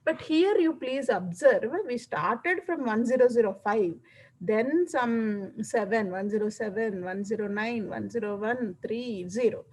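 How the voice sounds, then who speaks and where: A woman's voice: fairly high pitch, measured pace, darkish tone, poor audio. A woman giving a classroom lecture, explaining step by step and often checking that students follow.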